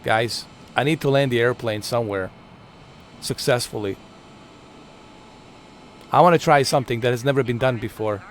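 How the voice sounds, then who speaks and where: A man's voice: medium pitch, normal speed, pauses often. A young man casually commenting on his own live gameplay stream, joking, swearing and narrating in a mock-dramatic way.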